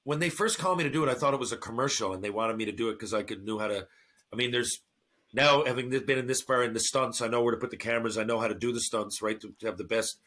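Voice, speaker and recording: A middle-aged man of average pitch tells a story on a podcast in a loose, profane style. He jumps into other people's voices as he goes and keeps the talk lively. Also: fast. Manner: animated, profane, acts out quotes. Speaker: podcast guest, former hockey fighter. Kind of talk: casual storytelling chat.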